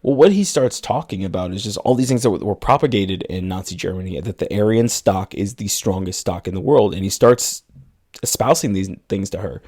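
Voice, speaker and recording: A man co-hosting a podcast gives a casual film recap, retelling the plot and quoting characters in passing. His voice is lowish, brisk and a little mellow.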